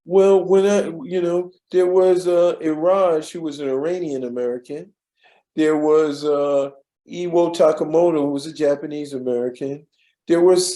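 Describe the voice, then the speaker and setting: An older man recounts his years at a studio in a loose, conversational way, circling back with restarts and fillers. His voice sits a little high for a man but sounds warm and mellow. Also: roomy sound. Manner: relaxed, rambling with many restarts and fillers. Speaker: interview guest, former studio assistant. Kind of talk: storytelling in a casual interview.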